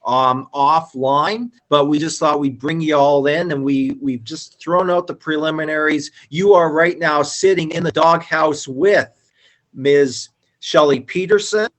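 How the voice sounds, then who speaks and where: A man's voice: on the high side, a little slow, a bit bright. A man hosting a live-streamed reunion chat over a video call, upbeat and talkative, with many fillers and restarts. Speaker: host.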